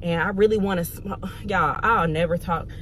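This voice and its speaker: A woman's voice: lowish voice, moderate pace, slight background noise. A young woman from Georgia, telling a candid, profane storytime vlog with exasperated asides. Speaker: vlogger.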